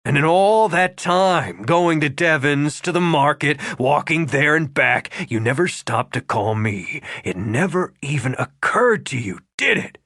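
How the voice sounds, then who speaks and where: A man's voice: a little high, lively intonation, unhurried, creaky, few pauses, fairly bright tone, dry recording, clean studio sound, pitched above the performer's own voice, exaggerated voice. A man voicing a brooding, hot-tempered young man in an audiobook, curt and bitter. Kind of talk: audiobook character voice.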